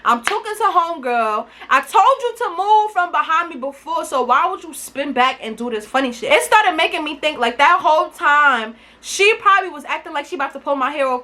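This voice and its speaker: A young woman telling a casual storytime, animated, emphatic and full of profanity. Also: high voice, brisk, few pauses. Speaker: vlogger.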